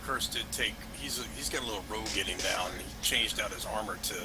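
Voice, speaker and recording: A man's voice: fairly low pitch, fast talker, over music. A man playing in a tabletop game, explaining his character in a matter-of-fact way. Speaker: player. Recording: noisy line with traffic hum.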